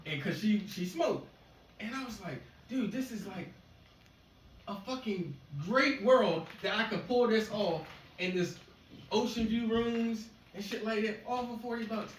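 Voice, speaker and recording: A man rambles through profane stories in a relaxed stand-up set, his voice riding fairly high. He is caught from a distance in an echoey room, with clear noise behind him. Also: a little slow. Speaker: stand-up comedian. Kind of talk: casual storytelling stand-up. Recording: echoey room, far mic, noisy.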